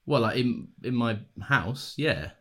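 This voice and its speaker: A young British man co-hosts a casual podcast, recapping TV and hamming it up with mock drama. His pitch swings widely, and he falls back on playful defensiveness when he gets teased. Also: expressive, slow, fairly bright tone. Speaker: podcast co-host. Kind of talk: casual chat.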